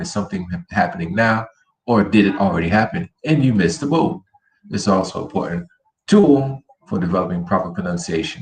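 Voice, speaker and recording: Deep-voiced man teaching Spanish pronunciation. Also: creaky, slight background noise. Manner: slow, drilling words by repetition. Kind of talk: online language lesson with screen share. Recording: roomy echo with faint ambience.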